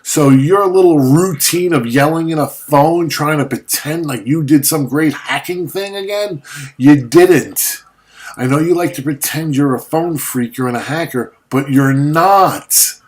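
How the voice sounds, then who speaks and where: A man's voice: on the high side, measured pace. A man ranting at a rival in a video monologue, confrontational and mocking, swearing often, just after waking up. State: just woken up. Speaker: vlogger.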